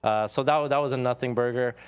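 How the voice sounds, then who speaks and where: A man on a trading show recapping his day's trades in an excited, casual way, full of fillers and "like". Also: medium pitch, fast, clean tone. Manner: excited, filler-heavy, says "like" a lot. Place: trading floor studio.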